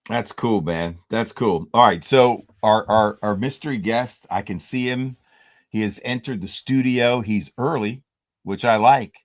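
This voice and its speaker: A man with a fairly low voice hosts a casual live-stream chat. He is laid-back and peppers his talk with "man" and "dude". The sound is dry and close. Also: measured pace, no echo. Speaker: host.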